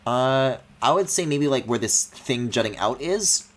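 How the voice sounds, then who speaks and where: A man streaming a video game, thinking aloud in a low mumble and breaking into high, excited squeals and mock-outraged swearing. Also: unhurried. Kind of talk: live-streamed gameplay commentary.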